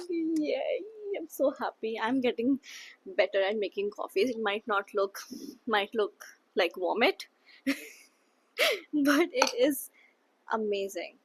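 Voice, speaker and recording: A woman's voice: mid-range voice, breathy edge, poor audio. A young woman talking casually about books in a chatty, gushing, rambling way. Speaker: book vlogger. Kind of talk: casual chat.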